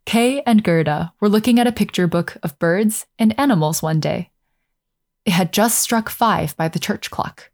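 A woman narrating a fairy tale in a gentle, measured storytelling manner. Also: mid-range voice.

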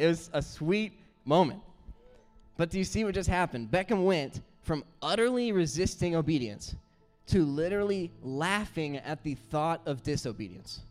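A man preaching a sermon as pastor, telling stories in an earnest, animated way. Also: a little high, moderate pace. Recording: roomy hall with faint music.

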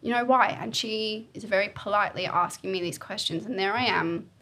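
Casual twenties woman, talks a lot, guest on a chat podcast, middle pitch. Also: a little fast, bright, forceful tone. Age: 20s. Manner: chatty, talkative. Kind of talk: casual storytelling.

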